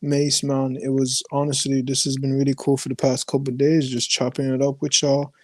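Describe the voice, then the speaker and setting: A man's voice: mid-range voice, completely flat delivery, a little fast, darkish tone, dry recording. A man from Jamaica talking as a guest on a casual sports chat, earnest and rambling, saying "man" a lot. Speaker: guest panelist.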